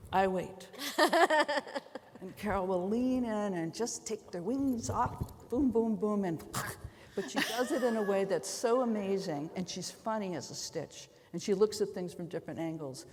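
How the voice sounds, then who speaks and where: A woman law professor speaking on a conference panel, a lively storyteller with quick folksy asides. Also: on the low side. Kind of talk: panel discussion on stage. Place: large conference hall. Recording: long hall reverb.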